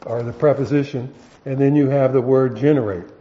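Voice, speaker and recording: A man's voice: mid-range voice, steady tone, highs cut off. A man, a pastor teaching a Bible lesson to his congregation, explaining words one at a time and often stopping to correct himself. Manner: halting, self-correcting, explaining word by word.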